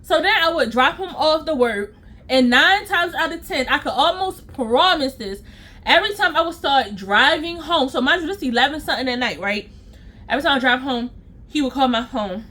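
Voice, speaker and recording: A young adult woman tells a story to her viewers in a high, bright voice. She talks in casual slang and laughs at her own past mistakes. The sound is close and direct. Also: normal speed. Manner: animated, slangy, laughs at herself. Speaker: storytime vlogger.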